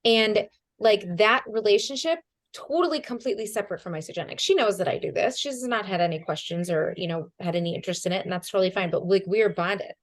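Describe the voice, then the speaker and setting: A woman talks on a video call in a rambling, heartfelt way, looping back through fillers and restarts as she goes. Her voice sits in a middle pitch range and sounds dry and close, with almost no room around it. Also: quick pace, no echo. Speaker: team member on a community call. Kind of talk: casual chat on a group call.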